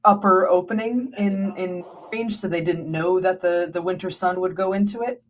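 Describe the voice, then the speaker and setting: A woman's voice: on the low side, moderate pace, a little hiss or hum. An American woman, a guest scholar, talking animatedly in an interview, laughing often and acting out what people say to her. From United States. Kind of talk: conversational interview.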